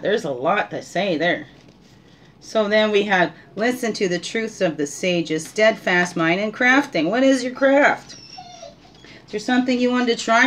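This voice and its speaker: A woman hosting a spiritual guidance session reads oracle cards at home in an unhurried, meandering way. Her voice sits in a middle pitch, and she keeps turning to the listener with questions. A faint hiss runs under the recording. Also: fairly bright tone. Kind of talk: casual oracle card reading.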